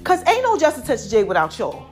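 A middle-aged woman talks to her followers in a chatty, animated vlog, her pitch sitting high and bouncing widely. Allergies leave her voice a touch deeper and rougher than usual. Soft music plays faintly behind her. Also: fairly quick. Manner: animated, chatty, repeats catchphrases, laughs often. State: voice a bit deep from allergies. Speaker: online personality talking to followers. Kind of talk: casual motivational vlog chat.

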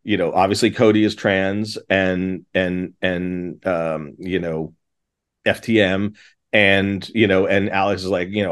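A man's voice: low-pitched, level tone, measured pace. A middle-aged man, a composer and director, talking casually and enthusiastically in an interview, rambling with many restarts and false starts.

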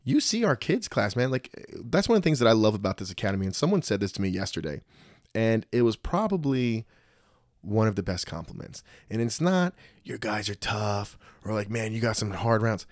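A man's voice: lowish voice, a little fast, no room sound, studio quality. Blunt, profane man in casual chat. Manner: blunt, profane, animated storytelling. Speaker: podcast co-host, martial arts academy coach.

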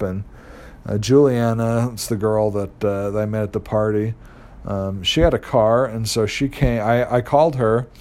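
Young man, lowish voice, casual anecdote, rambling, lots of fillers and restarts. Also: a little mellow. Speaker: storyteller.

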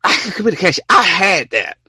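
Bright-voiced young man rambling casually. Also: sits high, big pitch swings, fairly quick, slightly rough, no echo. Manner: rambling, repeats words, acts out texting conversations. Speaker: podcast host. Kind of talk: casual solo podcast talk.

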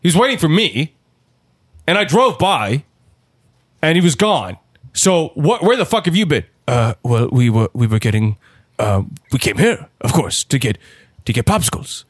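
A man's voice: on the high side, big pitch swings, moderate pace, slightly rough, no room sound, clean studio sound. A man voicing a creepy, smug male priest who talks in a fawning, sanctimonious way, in an improvised comedy sketch.

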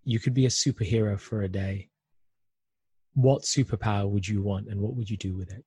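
A man hosting a podcast, chatting easily with his guest. His voice is husky and slightly breathy, and the recording is dry and close with no room sound. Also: on the low side, steady tone, brisk, dark tone, no room sound. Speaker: podcast host. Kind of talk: casual interview chat.

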